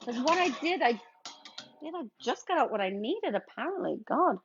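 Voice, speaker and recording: Here a middle-aged woman behind the bar on a livestream greets her audience, reading off viewer names while she makes drinks, all chatty and playful. She speaks at a normal speed in a high, very animated voice. There's slight background noise over the dull lo-fi stream audio.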